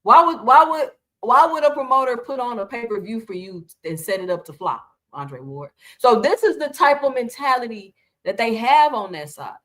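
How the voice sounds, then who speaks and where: A woman with a somewhat high voice hosts her own casual commentary. She talks animatedly and fires off one rhetorical question after another. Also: fairly bright tone. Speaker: boxing commentary host.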